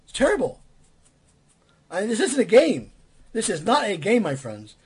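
Emphatic husky-voiced man preaching. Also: high-pitched, huge pitch swings, normal speed, darkish tone. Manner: blunt, emphatic, repeats phrases for stress. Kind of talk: sermon.

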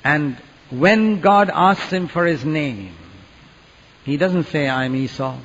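A man preaching a sermon with earnest, dramatic swings from hushed to loud. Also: fairly high pitch, expressive, takes it slowly. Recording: dull echoey hall recording.

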